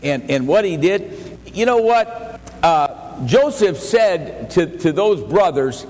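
A male pastor preaching a sermon in a church, emphatic, rising to raised exhortation and dropping to quiet earnest asides, often repeating words as he restarts. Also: on the high side, very animated, slow. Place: church sanctuary. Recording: long church reverb, faint ambient noise.

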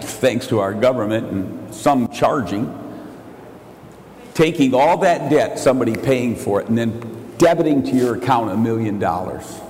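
An older male pastor preaching a sermon, swinging between shouted declarations and quiet, confiding asides. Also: medium pitch, a little hiss or hum. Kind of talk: evangelical sermon. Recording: echoey church hall.

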